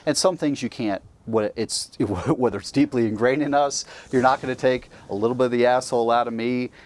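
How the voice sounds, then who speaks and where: A man's voice: medium pitch, fairly quick. Male podcast guest, blunt and frank, casual talk. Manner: blunt and frank, agrees often with short replies.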